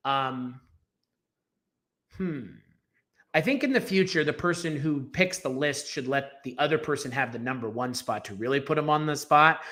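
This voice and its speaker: A man's voice: mid-range voice, normal speed, sharp tone. A man co-hosting a film podcast, giving strong, emphatic opinions in a casual, rambling way with fillers and restarts.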